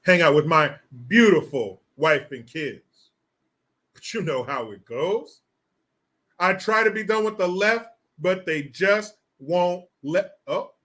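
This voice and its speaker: Lively, crude-talking male host. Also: slow pace. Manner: crude, mocking, theatrical swings in pitch. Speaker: livestream host. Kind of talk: casual commentary livestream.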